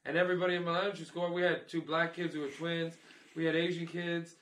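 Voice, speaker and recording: A middle-aged man from Canada, a comedian hosting a casual podcast, telling loud swearing stories with put-on voices. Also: a little high, flat delivery, fast talker, echoey room.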